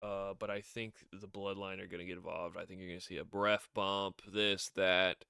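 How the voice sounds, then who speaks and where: A man's voice: sits low, little pitch movement, normal speed, creaky, sharp tone, clear, resonant tone, no echo, clean studio sound. A man giving a rambling, casual recap as a show reviewer, often acting out quotes. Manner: rambling, acts out wrestlers' lines in raised voice.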